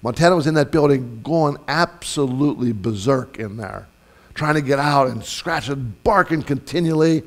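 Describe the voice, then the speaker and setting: A man's voice: medium pitch, normal speed. A man giving a sermon as a pastor in a church, telling stories in a loose, conversational way with many restarts. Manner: storytelling, conversational, with frequent fillers and restarts.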